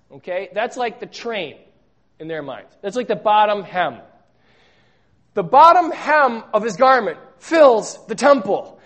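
A man delivering a sermon with a lot of dynamic range, pushing key words out loud and then sinking into quiet, low-voiced lines. He repeats words for weight and reads scripture in the same emphatic preaching manner. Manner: emphatic, swinging between loud stresses and hushed low lines. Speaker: pastor.

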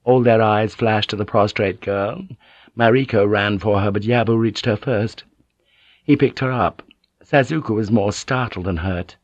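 A man narrating an unabridged audiobook with even, deliberate reading. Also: lowish voice, no room sound. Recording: dull, dry audiobook tape.

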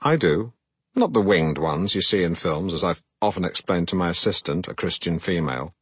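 An actor playing a pompous, self-regarding middle-aged broadcaster who narrates his own memoir in a deadpan way. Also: low-pitched, moderate pace, slightly rough, no room sound. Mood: self-important. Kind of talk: comic audiobook narration.

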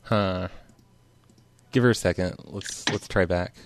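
A man's voice: low voice, steady tone, unhurried, background noise. A man hosting a prank call show, chatting casually with friends and laughing often between calls. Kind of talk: casual chat and prank calling.

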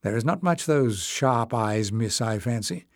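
A man's voice: mid-range voice, expressive, a little slow, dry recording, clean studio sound. Man reading as a guarded young king. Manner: polite but tense, controlled.

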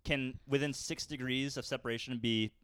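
A man's voice: mid-range voice, steady tone, normal speed, a bit bright, clear, resonant tone, no room sound. A man co-hosting a casual podcast, explaining things loosely with lots of "like". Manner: explains with many "like" fillers. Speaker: podcast co-host.

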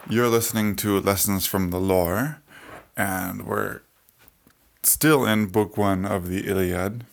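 Low, slow-talking male podcast host. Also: creaky. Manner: relaxed, thinking aloud with fillers. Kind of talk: casual explanatory podcast talk.

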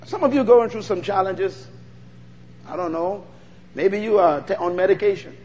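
A man's voice: high-pitched, normal speed, darkish tone, long reverb tail, lo-fi sound. A Bahamian man preaching a fervent sermon, calling out to the congregation for responses.

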